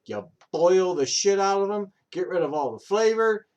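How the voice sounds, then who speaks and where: A man's voice: high-pitched, sing-song, normal speed, a little mellow. Male streamer in his thirties, loose rambling chat full of fillers and cursing. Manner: rambling, filler-heavy, profane storytelling. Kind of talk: casual chat.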